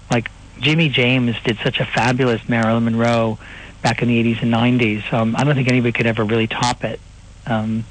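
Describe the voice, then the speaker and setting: A man guesting on a radio interview, playful and quick with joking asides. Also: mid-range voice, a little hiss or hum, poor audio.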